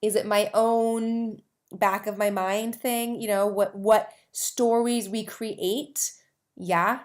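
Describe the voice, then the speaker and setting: A woman's voice: medium pitch, fairly even intonation, slow. A woman hosting her own advocacy podcast, talking casually to camera in a rambling way with many asides and restarts. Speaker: host of a herpes advocacy podcast.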